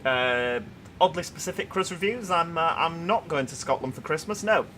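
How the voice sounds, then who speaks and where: A man's voice: fairly high pitch, animated, normal speed, bright, forceful tone, slight background noise. A young man with a Yorkshire accent, hosting a casual livestream and chatting as he reads viewer comments aloud. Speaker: livestream host.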